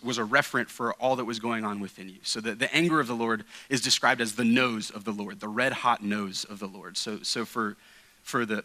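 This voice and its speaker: A man's voice: mid-range voice, sharp tone, poor audio. A man preaching a sermon in church, earnest and emphatic, often restarting and adding asides. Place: church sanctuary.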